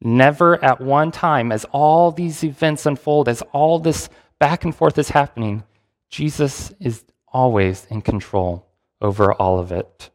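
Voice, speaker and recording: Preacher in an echoing hall. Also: male voice, mid-range voice, measured pace. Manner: conversational, retells scripture with restarts. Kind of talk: sermon with scripture reading.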